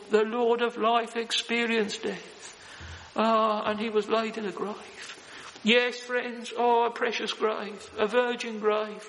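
A male preacher delivers a solemn, earnest sermon in a very high, bright voice that carries a lot of tension. His tone stays flat and even, and his words ring out with a long reverb in a large church hall.

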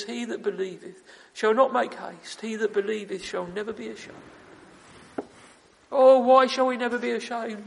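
A man's voice: extremely high pitch, gravelly, a bit bright, big-room sound, low-quality recording. A man preaching an evening sermon from the pulpit, fervent and full of biblical phrasing, calling his hearers "friends" again and again.

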